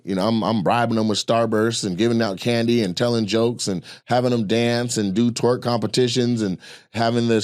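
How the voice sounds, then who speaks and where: Low-voiced man in loose animated chat. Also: no room sound, studio quality. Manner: loose, animated storytelling with quoted voices and swearing. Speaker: comedian and podcast co-host. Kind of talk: casual opinion chat.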